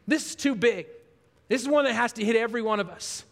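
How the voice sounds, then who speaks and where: High-voiced male pastor preaching in a hall. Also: quick pace. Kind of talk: sermon. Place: church sanctuary. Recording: long reverb of a church hall.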